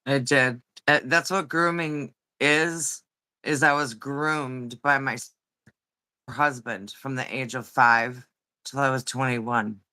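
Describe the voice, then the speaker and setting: Guest, female: low, very bright tone, slow and measured confessional telling. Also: steady tone. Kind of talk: candid personal storytelling.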